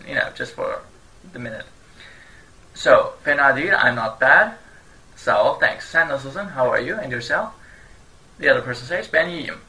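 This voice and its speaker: A man whose first language is Turkish, teaching an online language lesson in a cheerful way, often laughing and repeating phrases slowly for learners. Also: mid-range voice, sharp tone, poor audio.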